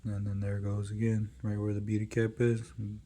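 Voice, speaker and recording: A man's voice: on the low side, completely flat delivery, brisk, mellow. A man narrating his caulking work in a laid-back, casual way, swearing often as he goes, recorded on smart glasses. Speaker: caulking tradesman.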